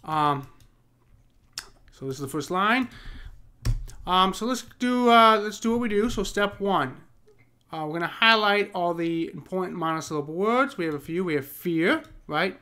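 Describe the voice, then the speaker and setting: A man teaching poetic meter in a casual, chatty way, full of ums and quick check-ins with the viewer, and reading verse slowly. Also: high-pitched, expressive, bright, forceful tone, clear, resonant tone. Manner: loose and chatty, many ums and "cool, right?"; slow, deliberate reading of verse. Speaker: poetry teacher. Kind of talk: casual screen-share lesson with poem reading.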